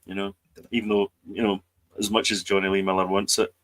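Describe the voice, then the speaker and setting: Wry, lower-voiced podcast man. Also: little pitch movement, brisk, a bit bright, poor audio. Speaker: podcast co-host. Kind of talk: casual chat about films and TV.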